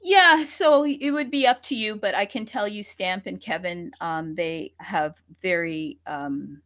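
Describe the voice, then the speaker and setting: Woman host, casual stream chat, animated and chatty, mid pitch, dry close sound. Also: a little slow, dry recording, poor audio.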